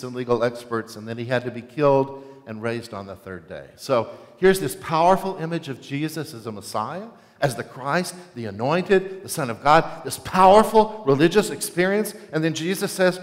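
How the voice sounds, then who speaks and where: A male pastor preaching a sermon in a church, animated and often asking the congregation questions. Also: mid-range voice, normal speed, few pauses, in a large hall. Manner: animated, asks the congregation questions, acts out quotes. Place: church sanctuary.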